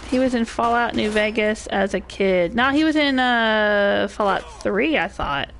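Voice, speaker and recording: A woman's voice: mid-range voice, animated, measured pace, vocal fry, a bit bright, a little hiss or hum. An older woman giving rambling, casual commentary while streaming a game and greeting chat viewers. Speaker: gaming streamer. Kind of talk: casual live gameplay commentary.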